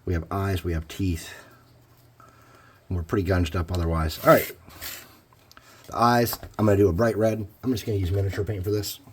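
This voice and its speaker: A man's voice: low-pitched, a little fast, long pauses, noisy background. A man talking casually through a painting tutorial, thinking aloud as he works. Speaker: hobby crafter.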